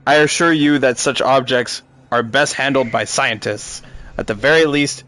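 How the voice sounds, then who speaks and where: A man's voice: medium pitch, normal speed, sharp tone, natural voice. An actor playing a cautious male scientist in a game, speaking in a formal, scolding way. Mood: disapproving. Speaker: game character. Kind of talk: game dialogue.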